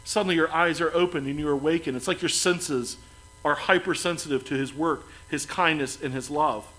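A man preaching a sermon as pastor, earnest, building to emphatic lines and then dropping soft and quiet. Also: a little high, brisk, rough recording.

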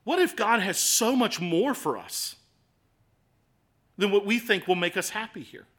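Male preacher, sermon delivery, high-pitched and bright, earnest. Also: expressive, unhurried. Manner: earnest, swings from hushed to impassioned.

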